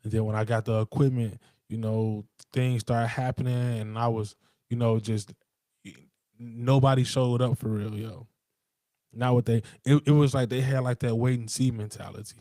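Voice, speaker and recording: Streetwise man with a mellow voice. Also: medium pitch, steady tone, normal speed, dry recording, studio quality. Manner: streetwise slang, emphatic, profane, rambling with restarts. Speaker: podcast host. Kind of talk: casual monologue.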